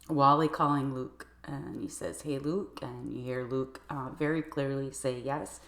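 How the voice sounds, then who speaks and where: A woman giving a personal account to camera in a measured, halting way. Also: extremely low pitch. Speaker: video creator. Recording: roomy echoey room.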